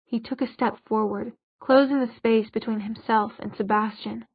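A woman narrating a novel as an audiobook, reading in a steady, even storytelling manner. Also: fairly high pitch, normal speed, hardly any pauses, slightly rough, no room sound. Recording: dull lo-fi audiobook recording.

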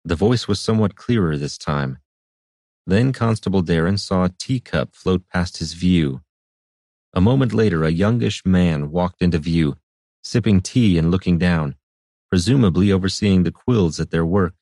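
A man narrating a fantasy audiobook in a measured, even storytelling manner. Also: low voice, no room sound, clean studio sound.

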